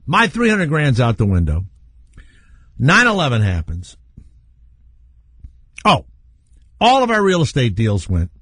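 A man hosting a talk radio show, rambling through candid stories and laughing at his own dark jokes. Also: fairly high pitch, husky, dry recording. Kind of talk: storytelling talk radio chat. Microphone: studio microphone.

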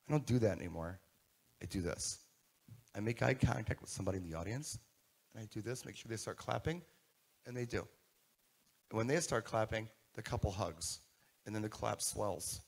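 Male keynote speaker, lively delivery with a gravelly edge, talks to a live room. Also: lowish voice, normal speed. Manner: animated, asks the audience questions. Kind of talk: live conference keynote talk. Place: conference room before an audience.

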